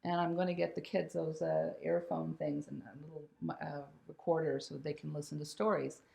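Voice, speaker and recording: A woman telling a personal spiritual story in a candid, animated way, swearing casually and laughing as she goes. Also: deep voice, normal speed, gravelly. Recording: roomy echo.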